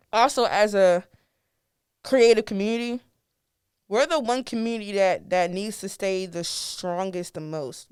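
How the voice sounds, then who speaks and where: A woman's voice: mid-range voice, clear, resonant tone, no room sound, studio quality. A young woman from the DMV area hosting a podcast in a casual, chatty way, laughing often. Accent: American, DMV area. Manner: chatty, laughs often, lively swings in loudness. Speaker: podcast host. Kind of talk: casual chat.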